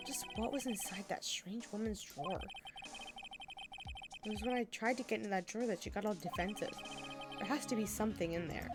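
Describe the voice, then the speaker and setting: A woman's voice: mid-range voice, fairly quick, pauses often, close to an everyday voice. A woman reading the lines of an earnest, determined young male defense lawyer, with video game music playing behind.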